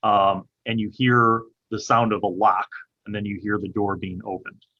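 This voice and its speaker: A man as game master, narrating a tabletop game in halting description with many fillers. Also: lowish voice, steady tone, pushed and bright, dull audio.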